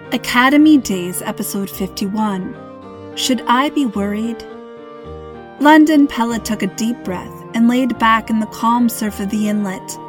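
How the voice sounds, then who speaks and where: A woman host and author reading her own story aloud in an expressive, gentle storytelling manner. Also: on the high side. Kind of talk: scripted story narration.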